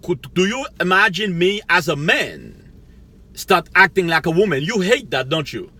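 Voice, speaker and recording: A man's voice: high voice, big pitch swings, normal speed, bright, forceful tone, breathy edge. A middle-aged man giving a rambling motivational monologue as a life coach, preachy, laughing to himself now and then. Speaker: life coach, channel host.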